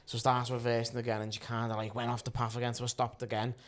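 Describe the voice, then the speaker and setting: A man's voice: mid-range voice, completely flat delivery, fast. A man in casual podcast chat, telling a blunt, sweary story and acting out the dialogue.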